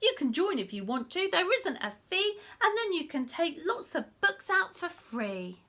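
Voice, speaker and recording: Reading a storybook aloud, a woman voices a friendly schoolboy who explains things, using a very high, pushed, bright voice pitched above her own. The performance is heavily acted, with big pitch swings and a measured pace.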